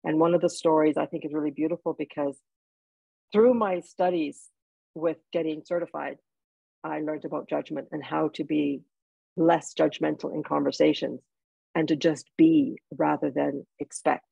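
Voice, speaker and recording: A woman with a husky, slightly gravelly voice tells personal stories in an interview, heartfelt and halting at times. The sound is dry and a little dull, as on a lo-fi recording. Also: low-pitched, fairly even intonation, mellow, no room sound. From Jamaica. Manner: heartfelt storytelling with restarts. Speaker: author and guest. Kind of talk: interview conversation.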